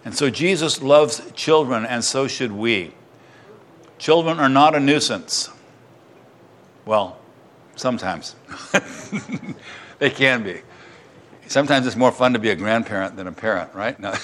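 A man's voice: medium pitch, fairly bright tone, a little hiss or hum. An older man, a pastor, leading a sermon and Bible study in a conversational way, with joking asides and digressions.

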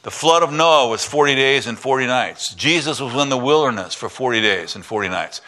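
A man preaching a sermon, retelling scripture with voiced parts, dropping to a hush for God and rising high for Elijah. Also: lively intonation, brisk. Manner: drops to a hushed voice for God's lines, climbs high for Elijah's complaints. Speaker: pastor.

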